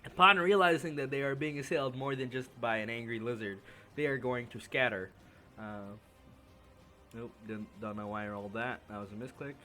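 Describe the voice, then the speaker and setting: A man's voice: medium pitch, steady tone, a little fast, bright, forceful tone, faint music behind. A man narrating a tabletop game as game master, loose and laughing, full of fillers.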